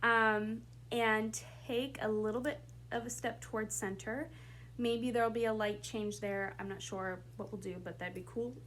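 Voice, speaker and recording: A woman's voice: on the high side, fairly even intonation, normal speed, a bit bright, slight background noise. A woman directing a school play, giving blocking notes to her actors in a casual way full of fillers. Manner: casual and chatty, with many fillers. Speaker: drama director.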